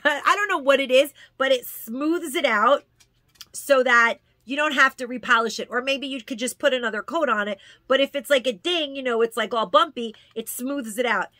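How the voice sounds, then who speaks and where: Bright, chatty woman vlogger. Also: high voice, no room sound. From New York. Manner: chatty, gushing, repeats words for emphasis. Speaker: haul vlogger. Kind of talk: casual product haul chat.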